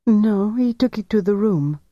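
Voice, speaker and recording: A man's voice: sits high, lively intonation, measured pace, no room sound, lo-fi sound, pitched above the performer's own voice. A man reading aloud, voicing a heartbroken young Frenchwoman who is crying and indignant. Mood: eager. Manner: pleading, tearful.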